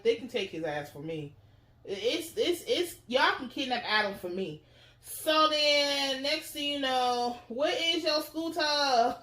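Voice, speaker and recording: A TV recap host, a woman with a slightly high voice, animatedly recounts a show and acts out the characters in different voices. Her recap is casual and profane. The recording has a roomy echo.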